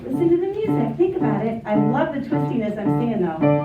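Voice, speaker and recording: A woman telling a children's story in an animated way, inviting the children to join in. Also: on the high side, brisk. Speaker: storyteller and teacher. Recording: echoey, distant, dull, piano behind.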